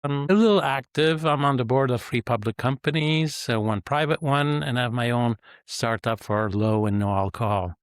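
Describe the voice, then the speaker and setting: A retired male executive guest on an interview podcast, talking in a measured, reflective way with frequent fillers. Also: mid-range voice, clean tone, no echo, clean studio sound. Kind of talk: conversational interview answers.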